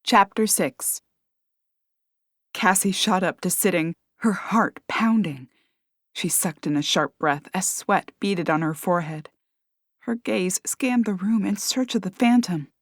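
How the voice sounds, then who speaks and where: A woman narrates a scripted audiobook in a measured, expressive manner. Her voice is medium-pitched, and the studio recording is clean with no echo.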